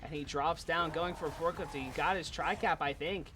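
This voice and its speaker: A man casting a live esports match with play-by-play commentary, getting excitable as fights build. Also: normal speed, noisy background. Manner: excitable, builds in pitch and volume during fights. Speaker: esports caster.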